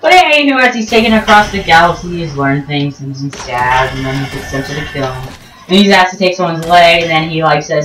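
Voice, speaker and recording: A woman giving rambling, joking commentary over gameplay, full of ums and restarts and sudden jumps in pitch. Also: animated, a little fast, a bit bright, a little hiss or hum. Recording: roomy echo, distant mic, faint game music.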